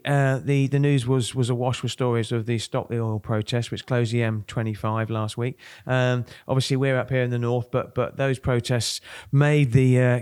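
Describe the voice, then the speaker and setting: A middle-aged man co-hosting a casual political podcast, brisk and scattered with ums and uhs. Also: medium pitch, darkish tone, smooth. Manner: brisk, filler-heavy, with frequent ums and uhs. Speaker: podcast co-host.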